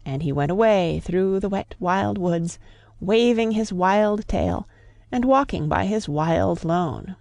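A woman reads a classic tale aloud with a measured, rhythmic storybook delivery. Her voice has a noticeable gravelly texture. The recording is close and dry, with no room sound. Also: on the low side, sing-song, a little mellow, dry recording.

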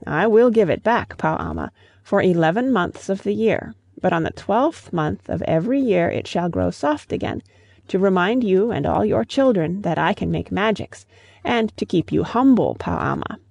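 A storyteller voicing a stern, lordly old male magician who speaks in commanding, solemn tones, with a gravelly voice. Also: mid-range voice, very animated, normal speed, a little mellow, no echo, heavily acted.

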